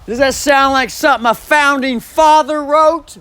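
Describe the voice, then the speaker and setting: A man's voice: very high voice, fairly even intonation, normal speed, hardly any pauses, sharp tone. A man in a rambling solo monologue, profane and emphatic, repeating phrases and stressing single words.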